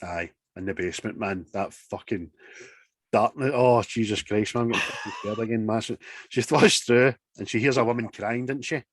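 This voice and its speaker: Man, lowish pitch, dry close sound, sweary casual recap. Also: normal speed, breathy edge, no echo. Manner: sweary, animated storytelling. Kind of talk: casual chat recapping a horror film.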